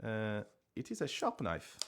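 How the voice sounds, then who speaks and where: Chatty low-voiced man streaming. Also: wildly swooping pitch, unhurried, gravelly. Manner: rambling, self-mocking, with sudden loud high outbursts. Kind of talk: casual live-stream chat. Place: living room at home.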